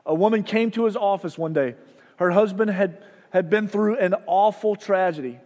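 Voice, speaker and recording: A male pastor preaching a sermon, telling a story with soft, hushed passages and loud rises. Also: high voice, moderate pace. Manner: storytelling, dropping soft for drama and rising loud. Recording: long hall reverb.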